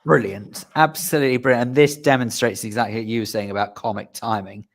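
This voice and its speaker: A man's voice: medium pitch, fairly even intonation, fast, creaky. A man hosting a radio chat show, talking in a chatty, digressive way and politely apologising when he wanders off topic. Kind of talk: casual showbiz chat.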